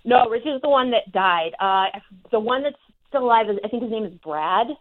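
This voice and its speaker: A woman's voice: a little high, animated, moderate pace, phone-quality sound. A woman on a podcast crew, giving casual, matter-of-fact answers.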